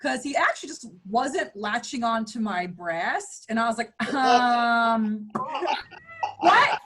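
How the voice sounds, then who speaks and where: A woman in her thirties doing a bawdy stand-up set, playful and crude, often jumping into high mock voices for punchlines. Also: expressive, normal speed, few pauses, fairly bright tone, a little hiss or hum. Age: 30s. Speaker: stand-up comedian.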